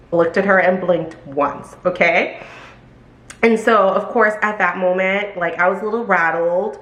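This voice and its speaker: Woman doing a storytime, animated, jumps into squeaky voices for quotes, echoey room. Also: moderate pace. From Brooklyn, New York. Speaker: vlogger telling a storytime. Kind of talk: casual storytime chat.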